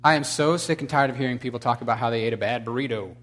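A man's voice: medium pitch, rapid-fire, a bit bright. A man preaching a sermon with emphatic delivery. He questions his congregation, adds wry, blunt humor, and builds to fervent exclamations. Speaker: pastor.

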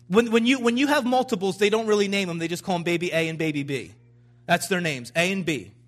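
A man in his thirties preaching, telling a personal story with frequent restarts and rising, animated emphasis. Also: very high voice. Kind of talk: sermon storytelling.

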